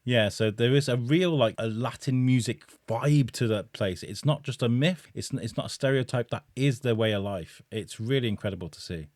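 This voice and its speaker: A man's voice: medium pitch, normal speed, few pauses, dry recording, studio quality. A man, a podcast guest, tells a funny personal story with bursts of laughter. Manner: animated, laughing while telling a story.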